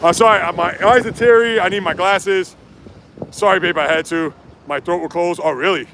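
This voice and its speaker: Guy livestreaming from his phone on the street, high voice w some gravel, reading chat out loud and reacting. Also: normal speed, slight background noise. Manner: chatty, reads viewer comments aloud and reacts. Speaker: livestream host. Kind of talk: casual livestream chat while running. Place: outdoors on city streets. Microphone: handheld phone.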